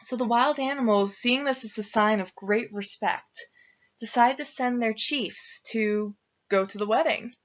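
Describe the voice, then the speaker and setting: A woman's voice: fairly high pitch, measured pace. A young woman student giving a casual storytelling presentation, chatty and slangy in her retelling. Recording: dull lo-fi recording.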